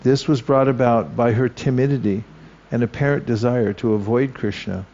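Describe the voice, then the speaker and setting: Gravelly man reading scripture slowly. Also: medium pitch, warm tone. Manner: slow, careful reading that pauses to correct itself. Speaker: scripture reader. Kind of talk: reading a devotional text aloud. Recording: dull lo-fi recording.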